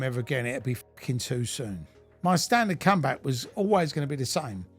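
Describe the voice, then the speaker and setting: A man's voice: medium pitch, very animated, fairly quick, soft background music. Blunt, profane British man telling his story. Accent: British English. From United Kingdom. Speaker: narrator of his own life story. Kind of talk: reading a memoir aloud.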